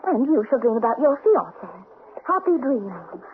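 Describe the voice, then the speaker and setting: A woman's voice: fairly high pitch, very animated, moderate pace. A woman playing a romantic, secretive young noblewoman wife in a radio drama, with a refined, formal way of talking. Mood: dreamy. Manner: dreamy, refined, formal speech. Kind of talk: 1970s-80s radio drama acting. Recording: tinny old radio broadcast, faint hiss.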